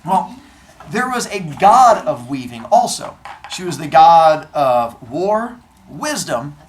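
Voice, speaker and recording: A male teacher telling a myth to his class in a classroom, animated and jokey, acting out voices as he goes. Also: fairly high pitch, slow, slight background noise. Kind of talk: storytelling to a class.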